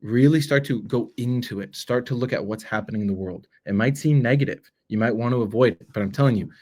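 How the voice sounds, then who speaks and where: A man's voice: mid-range voice, quick pace, darkish tone. A man talking straight to the camera as a self-development coach, earnest and persuasive, often checking in with "right?". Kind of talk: direct-to-camera motivational talk.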